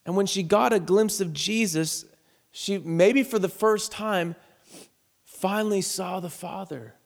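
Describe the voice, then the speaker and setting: Gravelly pastor preaching in an echoing hall. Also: male voice, sits high. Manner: earnest, heartfelt storytelling. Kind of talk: sermon.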